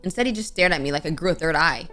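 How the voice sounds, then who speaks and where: Bright, expressive young woman reading a game aloud. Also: low-pitched, racing, faint music behind. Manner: expressive, with sudden playful outbursts. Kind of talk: dramatic reading with casual asides.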